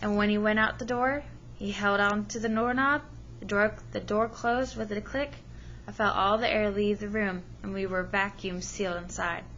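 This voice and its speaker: A woman's voice: mid-range voice, steady tone, normal speed, a bit bright, muffled recording, a little hiss or hum. A woman teacher reading a story aloud with expression and stopping to ask her listeners questions. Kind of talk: read-aloud lesson with comprehension questions.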